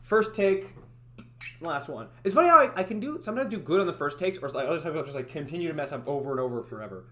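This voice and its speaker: A woman's voice: low-pitched, lively intonation, fast. A woman streamer chatting casually while recording voice lines, rambling and self-deprecating with frequent laughs. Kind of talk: casual livestream chat.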